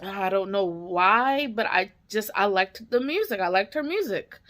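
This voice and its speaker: A woman talks slowly through a casual reaction video. She is tearful and emotional, rambling from thought to thought with lots of ums and restarts. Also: medium pitch, animated, fairly bright tone.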